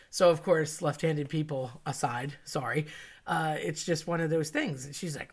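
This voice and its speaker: A woman casually telling a personal story in a chatty, animated way, acting out the voices of the people she quotes. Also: low-pitched, moderate pace.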